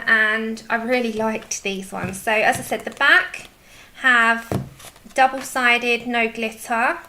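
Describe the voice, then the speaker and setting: A chatty woman hosting a colouring livestream, with a high voice. She greets viewers by name and gushes over her art supplies, all in easy casual chat with a crisp, bright edge. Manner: effusive. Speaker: livestream host.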